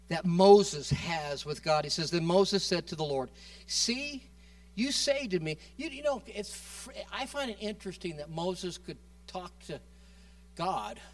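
Animated preacher heard from a distance. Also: male voice. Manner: animated, rises loud and high when quoting Moses; repeats words and restarts, asks the congregation "amen?". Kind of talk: sermon.

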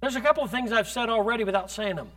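High, bright-voiced fervent preacher man. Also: very fast. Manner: builds from conversational to fervent shouting; calls on the congregation directly. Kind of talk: sermon.

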